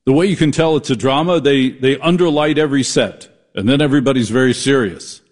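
A man hosting a talk radio show, delivering a comedic monologue, riffing and mocking as he goes. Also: mid-range voice. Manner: riffing, mocking, switches into quick impressions.

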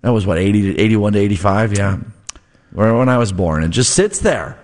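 A man's voice: on the low side, animated, normal speed, darkish tone. Radio host guy in his 40s, jokey, ribs his guest, reads the ad live. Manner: joking, self-deprecating banter. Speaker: radio talk show host. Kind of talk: casual radio talk and live ad read.

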